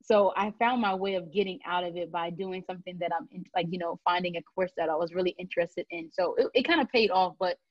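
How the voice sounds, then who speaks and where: A woman's voice: on the low side, quick pace, few pauses, no room sound, highs cut off. A young woman, a student conducting an oral history interview, chatty and casual with lots of fillers. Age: young adult. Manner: chatty, full of fillers and restarts.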